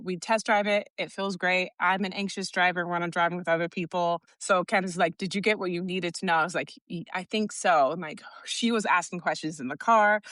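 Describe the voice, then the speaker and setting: Lively storytelling podcast woman, low voice. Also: no echo. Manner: animated storyteller, acts out quotes, laughs often. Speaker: podcast co-host. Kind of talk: casual storytelling chat.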